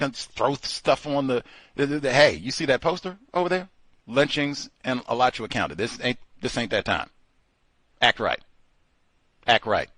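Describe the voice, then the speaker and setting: Male call-in host, lively swooping delivery, dry close sound, animated and quick to laugh. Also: mid-range voice, no echo. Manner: animated, laughing, acts out quoted people. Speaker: radio show host. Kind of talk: casual call-in commentary.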